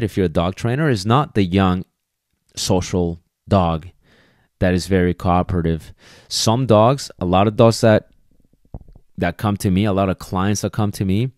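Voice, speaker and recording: Low-voiced man giving emphatic podcast talk. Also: darkish tone, no room sound, studio quality. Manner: emphatic, conversational, peppered with "okay" and "right"; acts out quoted voices of people and dogs. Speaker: dog trainer and podcast host. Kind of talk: casual solo podcast talk.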